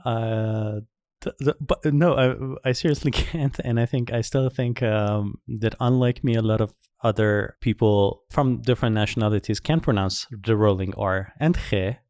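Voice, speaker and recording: A man from Iran co-hosting a podcast, talking casually and haltingly, unable to roll his R. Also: lowish voice, darkish tone, dry recording, clean studio sound. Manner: halting, restarts often, cannot roll R. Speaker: podcast co-host. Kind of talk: casual chat.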